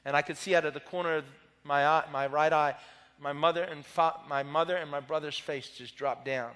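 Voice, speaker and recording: A man's voice: fairly high pitch, fairly even intonation, fairly quick, a bit bright, smooth. A man from the Middle East preaching a sermon, telling a story and building to fervent exhortation. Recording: long hall reverb.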